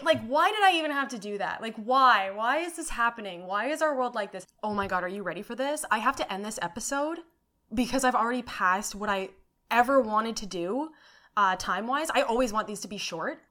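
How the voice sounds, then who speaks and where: A young woman hosting her own podcast, telling stories in an animated way, swearing freely and saying "like" often. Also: a little high. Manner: animated, swearing storyteller with frequent "like". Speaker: podcast host. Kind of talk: casual solo podcast monologue.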